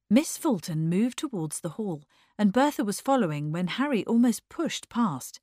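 A fairly low-pitched woman reads an audiobook in a measured and expressive way. The recording is dry and clean, with studio sound.

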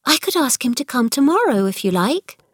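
A woman's voice: high voice, very animated, brisk, no echo, clean studio sound, pitched above the performer's own voice. A woman voicing a serious, sensible young girl who speaks firmly and a little crossly in a storybook reading. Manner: firm and matter-of-fact.

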